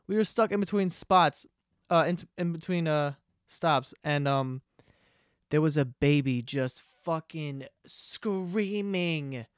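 A man's voice: fairly high pitch, takes it slowly, clean tone, no echo, clean studio sound. A young man, hosting a podcast as a profane, rambling comedic monologue. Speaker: podcast host.

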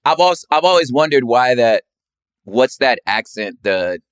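A man's voice: medium pitch, expressive, moderate pace, clean tone, no echo, studio quality. A man who is a rapper, guesting on a podcast, talking in laid-back slang. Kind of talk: casual chat.

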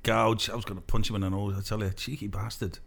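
A man's voice: on the low side, level tone, fast, vocal fry, a bit bright. A man swapping profane, boisterous anecdotes in casual chat.

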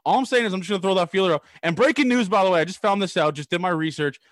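This young Canadian man has a high, racing voice with no echo. As a podcast host running a casual interview, he tells wild stories with energy and swears casually.

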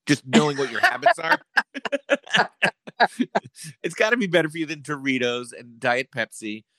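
A man co-hosting a podcast, playful and quick to laugh. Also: fairly high pitch, big pitch swings, pushed and bright, no echo, clean studio sound. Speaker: podcast co-host. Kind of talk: casual chat.

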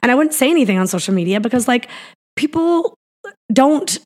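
A woman's voice: a little high, expressive, racing. A woman from Canada talking as a business founder in a casual interview, rambling with lots of fillers and restarts.

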